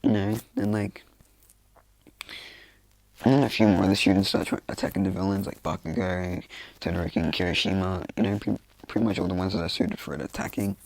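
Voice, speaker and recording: A man's voice: low-pitched, brisk, darkish tone, no echo, poor audio. A man telling a story casually at home, rambling with lots of fillers. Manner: rambling, heavy fillers, loose and offhand. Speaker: fan storyteller. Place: room at home.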